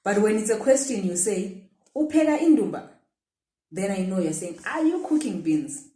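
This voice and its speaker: A woman's voice: medium pitch, big pitch swings, normal speed, warm tone. A woman teaching a language lesson, patiently repeating phrases and modelling the question intonation. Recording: echoey room.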